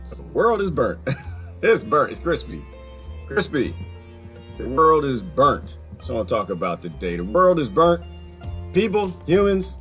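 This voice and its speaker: A man's voice: medium pitch, a bit bright. A man vlogging in a rambling, jokey monologue, repeating phrases and laughing often. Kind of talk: casual monologue.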